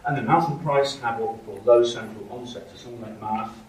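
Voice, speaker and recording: A man's voice: mid-range voice, brisk, a little mellow. A man giving a university lecture, explaining with frequent checks like "okay?" and "right?". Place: lecture hall. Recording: echoey hall from far off, faint noise.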